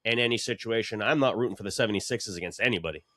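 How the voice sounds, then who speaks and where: A man's voice: lowish voice, racing, pushed and bright, no echo. A man co-hosting a sports podcast, telling long-winded stories in a rambling, profane way with lots of restarts. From New England. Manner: rambling, profane, self-interrupting. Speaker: podcast co-host. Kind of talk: casual sports chat.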